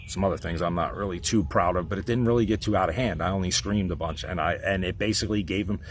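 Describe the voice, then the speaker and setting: A man telling a personal story in a heated, rambling, profane rant, with sudden loud outbursts. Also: deep voice, a little hiss or hum.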